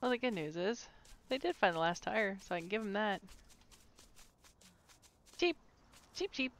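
A woman's voice: mid-range voice, very animated, a little slow. A woman streaming a horror game, commenting live and playfully taunting a monster, swearing freely.

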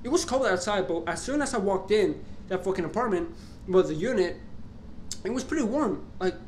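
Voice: mid-range voice, expressive, brisk, darkish tone, slight background noise. Profane rambling young vlogger, roomy echo. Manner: profane, rambling, exasperated retelling with frequent restarts. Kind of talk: casual storytelling to camera. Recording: roomy echo, faint background ambience.

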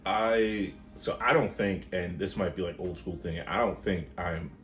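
A man's voice: deep voice, a little slow, faint music behind. A man talking casually as a podcast guest, laughing often as he tells family stories full of "like.". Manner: animated storyteller, laughs often, says "like" a lot. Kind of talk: casual chat. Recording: roomy, echoey room.

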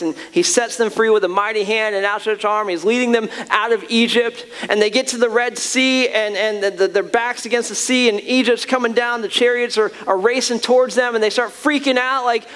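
High-voiced man preaching emphatically. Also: a bit bright, clean tone. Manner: earnest, emphatic preaching with repeated restarts. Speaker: pastor. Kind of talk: sermon.

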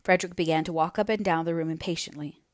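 A woman reads a classic novel aloud in measured, steady scripted narration. Her voice sits on the lower side, and the recording is close and dry with no room sound. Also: dry recording. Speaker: audiobook reader.

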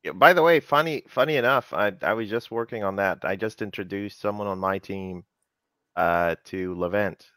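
A man's voice: on the low side, moderate pace, bright, forceful tone, dry recording. A man hosting a live coding session, chatting casually and teasing his co-hosts, with lots of "you know".

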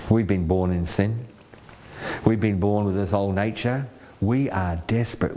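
An older man preaching with real emphasis, his voice climbing high as he acts out pleading lines and dropping low and earnest for his own points. He keeps checking in with the congregation between thoughts. A faint noise sits under the recording. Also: darkish tone. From Australia. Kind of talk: sermon.

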